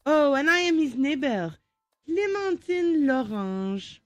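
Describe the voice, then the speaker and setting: A woman's voice: high-pitched, sing-song, slow, dry recording, soft background music, pitched above the performer's own voice, exaggerated voice. A woman voicing a friendly French neighbor in a video game, with a put-on French accent and a playful, hammy reading.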